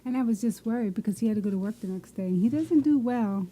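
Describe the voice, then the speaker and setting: A woman's voice: fairly high pitch, expressive, fast talker, dark tone, low-quality recording. A woman co-hosting a casual podcast, teasing her partner bluntly and swearing. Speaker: podcast co-host.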